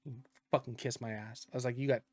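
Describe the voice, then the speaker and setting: A man's voice: mid-range voice, fast, husky, no room sound. A man telling stories in a casual podcast, swearing a lot and laughing often. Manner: profane, animated storyteller who laughs often. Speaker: podcast co-host.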